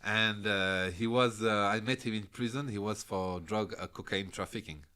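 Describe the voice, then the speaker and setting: Guy telling wild stories on a podcast, bright voice, laughs a lot. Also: on the low side, moderate pace, smooth. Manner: animated, laughs often, drops into character voices. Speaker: podcast guest. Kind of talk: casual storytelling.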